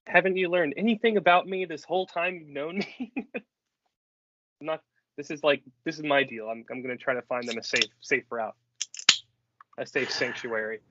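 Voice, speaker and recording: A man's voice: a little high, normal speed, long pauses, a bit bright, no echo. A man voicing an earnest young male rat-folk sailor in a tabletop game, speaking firmly. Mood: determined. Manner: firm, pleading. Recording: dull lo-fi recording.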